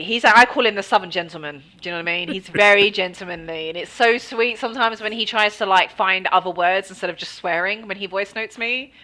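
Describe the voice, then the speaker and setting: A woman with an English accent co-hosts a casual podcast, her voice bright and swinging widely in pitch. She laughs often and swears without apology as she chats. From England. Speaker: podcast co-host.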